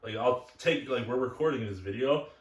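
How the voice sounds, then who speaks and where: A man's voice: medium pitch, normal speed, recorded from a distance, muffled recording. Crude, rambling young man in an echoey room. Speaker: podcast co-host. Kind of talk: casual chat.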